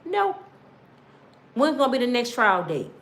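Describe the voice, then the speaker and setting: In her fifties, this woman speaks in a higher register with a fairly bright tone, very animated yet unhurried. She delivers an impassioned, emphatic, somewhat preachy monologue about her own life, addressing listeners directly and quoting what other people said to her.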